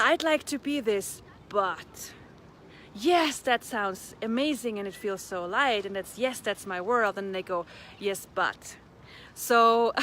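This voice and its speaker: Woman doing a playful motivational talk outside, bright voice, laughs a lot, bit of street noise. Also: medium pitch. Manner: playful, chatty, laughs often, repeats clearing phrases. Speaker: facilitator of a personal-development class. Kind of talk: casual motivational talk to camera.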